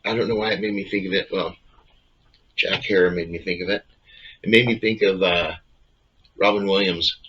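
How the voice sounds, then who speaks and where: Husky man, blunt profane rants. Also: sits low, fairly even intonation, normal speed, long pauses, sharp tone, highs cut off. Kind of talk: casual comedic chat.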